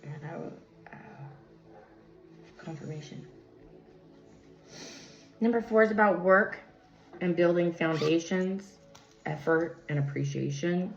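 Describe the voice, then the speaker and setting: Gravelly woman reading tarot. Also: on the low side, slow, long pauses. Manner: rambling, tangential, with many fillers. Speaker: tarot reader. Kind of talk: casual spiritual tarot reading. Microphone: phone. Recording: echoey room, dull lo-fi sound, faint music.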